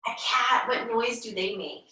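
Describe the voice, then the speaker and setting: Lady running a kids yoga class, gentle and encouraging, slow easy talk, bit high, echoey room far from the mic. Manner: slow, gentle and encouraging, leading chants and animal sounds. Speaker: kids' yoga teacher. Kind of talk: guiding a children's yoga class.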